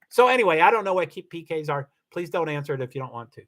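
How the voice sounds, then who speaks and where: An older man hosting a casual livestream. He reads viewer comments aloud and rambles off topic, with many fillers and restarts, and his voice jumps high when he gets excited. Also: brisk. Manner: big swings in pitch, rising high when excited. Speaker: livestream host.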